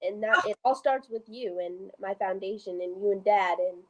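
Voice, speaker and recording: A woman's voice: medium pitch, moderate pace, a bit bright, rough recording. A young woman chatting casually as a podcast guest, talking with many ums and restarts. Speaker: guest, host's daughter. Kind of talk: casual chat.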